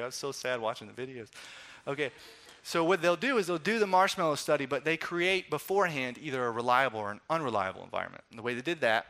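Young male pastor, bright voice, casual animated sermon delivery. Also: mid-range voice. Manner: conversational, animated storytelling with acted-out quotes.

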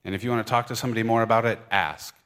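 Man pastor with a Michigan accent, low-pitched, informal and earnest from the pulpit. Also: fairly even intonation, racing, a bit bright. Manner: conversational, earnest, with fillers and restarts. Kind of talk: sermon. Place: church service. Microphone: microphone.

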